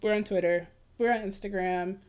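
A woman's voice: medium pitch, steady tone, normal speed, a little mellow, clean tone. A woman hosting a podcast at home, chatting casually in a bubbly, giggly way with lots of fillers. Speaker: podcast host.

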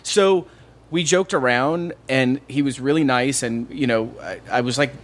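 A man's voice: medium pitch, a little slow. A man telling a long anecdote in a casual podcast chat, acting out what people said. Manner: animated, acts out quotes. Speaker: guest. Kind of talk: casual storytelling.

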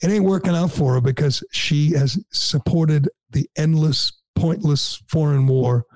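A man's voice: on the high side, a little slow, darkish tone, no echo. A man hosting a talk radio show, delivering sarcastic, mocking opinion commentary.

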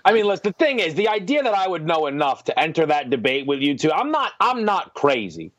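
A man's voice: fairly high pitch, fairly quick, highs cut off, a little hiss or hum. A man guesting on a sports podcast, chatting casually and poking fun at himself. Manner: self-deprecating, animated.

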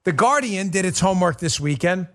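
A man's voice: sits high, lively intonation, a little fast. A man hosting a political podcast, delivering an emphatic, indignant commentary monologue that repeats its points.

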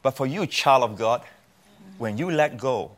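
A man's voice: medium pitch, lively intonation, measured pace. A man teaching from the Bible as a guest on a talk show, earnest and repeating phrases for emphasis. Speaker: guest preacher.

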